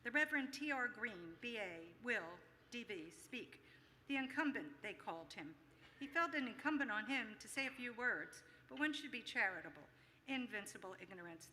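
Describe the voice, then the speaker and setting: A woman reading literary prose aloud at a public reading, in a measured, lightly characterful way. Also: on the high side, bright, forceful tone. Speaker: reader. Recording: reverberant hall with faint ambient noise.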